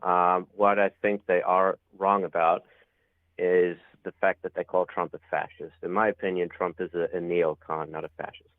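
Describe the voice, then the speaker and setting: A man calls in over a thin, dry phone line. His voice is deep and flat, and he gives his views at a measured pace, filling pauses with uh and um. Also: no echo. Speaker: caller. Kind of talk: call-in opinion.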